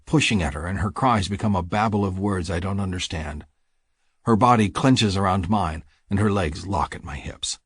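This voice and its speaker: A man narrating an audiobook in the first person, reading in a low, intimate, measured way. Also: breathy edge, dry recording, clean studio sound.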